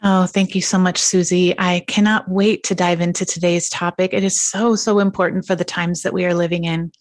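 A middle-aged woman pastor, a guest on a talk show, speaking gently and earnestly as she tells a reflective story. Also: fairly low pitch, flat delivery, brisk, no echo. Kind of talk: devotional talk show conversation.

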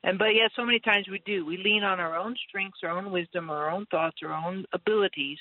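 A woman's voice: mid-range voice, fairly quick. A woman guest in a casual faith conversation, candid and laughing often as she acts out her own voice in stories. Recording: tinny phone-like line, dry.

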